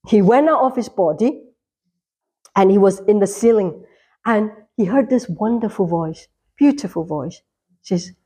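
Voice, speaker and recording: A woman's voice: medium pitch, dark tone. A woman preaching a sermon in a church, fervent, repeating lines for emphasis.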